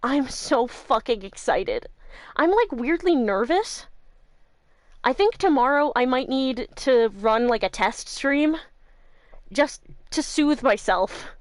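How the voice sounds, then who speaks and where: A woman streamer with a slightly high, stuffy, congested voice, chatting loosely with her viewers from home. She swears freely and laughs a lot. The sound is dry and close on her mic. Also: animated, slow, dry recording. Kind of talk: casual chat with live viewers. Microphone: new desk mic.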